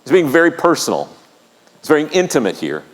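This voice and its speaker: A man preaching to his congregation, painting scenes as he talks and asking them to read along. His voice sits a little high. Long reverb trails off each phrase in the sanctuary. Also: wildly swooping pitch, brisk. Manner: vivid storytelling, asks the congregation to join in. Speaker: pastor. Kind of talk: sermon. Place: church sanctuary.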